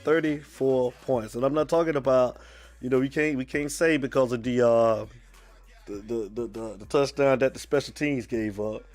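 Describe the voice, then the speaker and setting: A man hosting a live sports fan stream, a little sick and under the weather, yet still animated. He drawls out his greetings and shouts out commenters by name. Faint music plays behind him. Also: mid-range voice, moderate pace. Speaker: host of a live fan show. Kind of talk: casual live-stream chat, greeting viewers.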